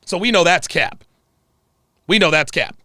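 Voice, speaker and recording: Fiery, animated man ranting. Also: unhurried, no echo, clean studio sound. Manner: angry, profane, repeats himself; animated pitch swings. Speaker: show host. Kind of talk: heated livestream rant.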